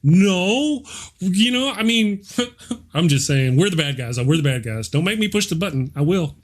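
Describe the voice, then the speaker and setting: A man hosting a casual chat show with a fairly high, light voice. He talks in an animated, joking way and laughs often. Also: fairly quick. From Texas. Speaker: show host.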